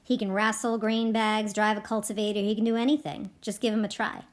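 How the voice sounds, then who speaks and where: A woman reading aloud, voicing a wary, protective farmhand who speaks in quick, defensive, folksy sentences. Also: mid-range voice, little pitch movement, lightly acted. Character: wary, protective itinerant farmhand, adult man.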